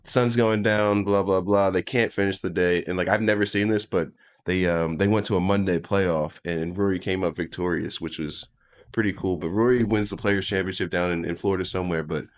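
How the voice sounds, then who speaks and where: A man's voice: low voice, fairly even intonation, fairly quick. A man co-hosting a sports podcast in casual, laid-back chat, often chuckling and trailing off. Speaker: podcast co-host.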